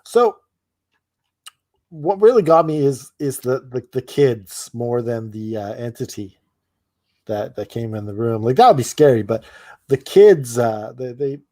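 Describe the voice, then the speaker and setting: A man's voice: mid-range voice, very animated, unhurried, dark tone, no echo. A man co-hosting a podcast in casual chat, hesitant with many restarts and chuckles. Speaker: podcast co-host.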